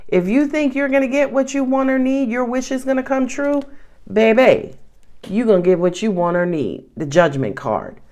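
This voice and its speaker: A woman's voice: medium pitch, darkish tone. A woman with a New York accent giving a casual, chatty tarot reading to camera, with slangy asides. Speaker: tarot reader.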